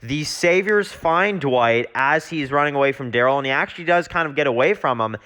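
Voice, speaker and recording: A man's voice: a little high, animated, a little fast, sharp tone. A man reviewing a TV show, casually retelling a plot and rambling with many fillers.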